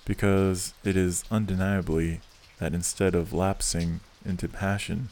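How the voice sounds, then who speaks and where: A man reading a classic novel aloud as an audiobook narrator, measured and unhurried. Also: sits low, level tone, a little mellow, slight background noise.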